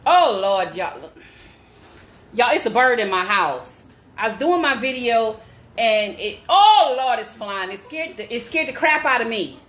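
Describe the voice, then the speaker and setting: A woman vlogging from her home, loud, laughing and cursing in a frantic panic. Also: fairly high pitch, animated, measured pace, roomy sound. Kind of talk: panicked live vlog to viewers. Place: home indoors.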